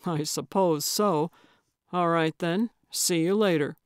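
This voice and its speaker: A woman's voice: on the low side, takes it slowly, dry recording. A woman voicing a patient, mildly skeptical male police officer with a dry manner in an audiobook. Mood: wry.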